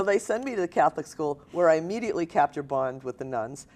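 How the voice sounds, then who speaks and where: Low-voiced older woman telling stories. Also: fast talker, few pauses. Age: 60s. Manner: animated storyteller, laughs often. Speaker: author. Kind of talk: author interview and reading. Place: stage at a writers event.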